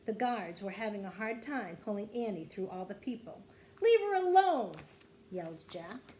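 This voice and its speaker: A woman, a kindergarten teacher, reading a children's chapter book aloud with expressive storytelling. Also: moderate pace, a little hiss or hum. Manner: expressive storytelling, dropping low after quotes.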